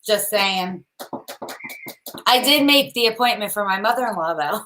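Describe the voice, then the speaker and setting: A woman's voice: mid-range voice, lively intonation, moderate pace, bright, forceful tone, a little hiss or hum, rough recording. A woman co-hosting a casual chat show, easygoing and teasing. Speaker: podcast co-host.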